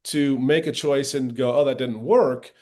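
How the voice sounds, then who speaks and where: A middle-aged man speaking as an interview guest, telling stories from his past in a relaxed, candid way. His voice sits at an ordinary middle pitch, and he jumps up when he acts out quoted lines. The delivery is animated and conversational. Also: unhurried. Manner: animated retelling, acting out quoted voices with lively shifts. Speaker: actor, podcast guest. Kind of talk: candid storytelling in a casual interview.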